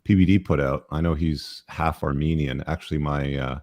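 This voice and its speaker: A man hosting a casual panel show, talking in a relaxed, rambling way with many fillers. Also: a bass voice, moderate pace, dry recording. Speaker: show host.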